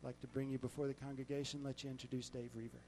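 Mellow-voiced Southern pastor. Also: male voice, mid-range voice, level tone, very fast, a little hiss or hum, poor audio. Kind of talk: church service announcement. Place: church sanctuary.

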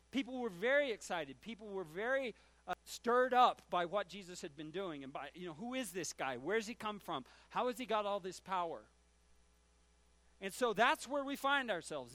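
High-voiced preaching man, dry sound. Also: no echo. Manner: storytelling, acts out shouted quotes. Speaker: pastor. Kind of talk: sermon.

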